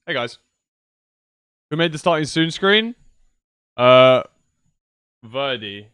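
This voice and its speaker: A man's voice: mid-range voice, animated, takes it slowly, a bit bright, clean tone, dry recording, clean studio sound. A young man rambling casually to his viewers on a livestream from his computer, swearing now and then. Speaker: streamer. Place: at home at a PC.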